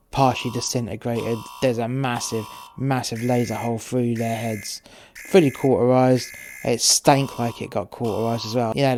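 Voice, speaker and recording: A man's voice: medium pitch, slight background noise, natural voice. A man playing a cynical cartel courier who narrates in the first person, in a sweary, sardonic way. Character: cynical, foul-mouthed male cartel courier.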